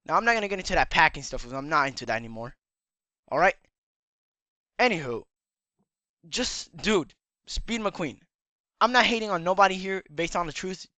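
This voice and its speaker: A man's voice: on the high side, bright, forceful tone, no echo. A man giving rambling casual commentary in a lecturing tone, his slightly worn voice cracking now and then. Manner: rambling and lecturing, keeps tagging "all right?". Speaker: YouTube commentator.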